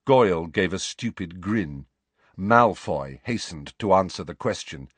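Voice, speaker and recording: A man narrating an audiobook in an expressive storytelling manner. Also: deep voice, measured pace, no room sound. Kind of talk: scripted narration.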